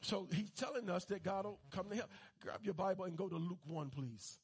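Male pastor, very high husky voice, fervent call-and-response preaching. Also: brisk. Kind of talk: sermon.

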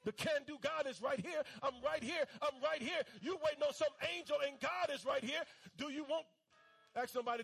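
A man's voice: very high voice, brisk, vocal fry, a bit bright, faint music behind. A male pastor preaching a fervent sermon, calling on his congregation to repeat lines back to him. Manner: fervent, call-and-response preaching.

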